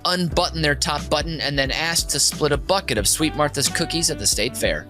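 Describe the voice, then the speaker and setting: A man's voice: on the high side, fairly quick, bright, forceful tone, soft background music. A man from Minnesota hosting a comedy podcast, reading a comic top-five list in a rambling, giggly way that keeps interrupting itself. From Minnesota, USA. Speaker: podcast host.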